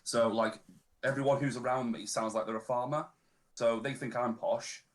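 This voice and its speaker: A man with a Lancashire accent chatting as a guest on a stream, easygoing and relaxed, dropping local slang. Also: mid-range voice, moderate pace. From Northern England. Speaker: podcast guest. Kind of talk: casual chat on a charity stream.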